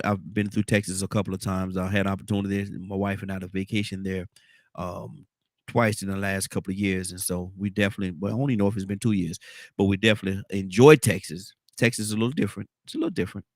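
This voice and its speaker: A man's voice: deep voice, level tone, fast, no room sound, clean studio sound. A man hosting a casual morning talk show, rambling and repeating his words. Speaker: host.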